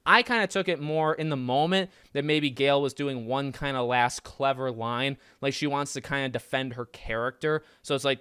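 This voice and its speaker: Male podcast host, smooth resonant tone, loose restart-heavy delivery, dead-dry close mic. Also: mid-range voice, moderate pace, hardly any pauses, no echo. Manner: rambling, animated, frequent restarts and fillers. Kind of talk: casual film commentary.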